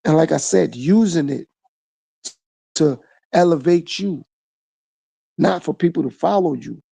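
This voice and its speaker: Gravelly man musing in a solo podcast. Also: a little high, animated, a little slow, dark tone, no echo. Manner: repetitive, rhetorical questions. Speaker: podcast host. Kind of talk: reflective solo monologue.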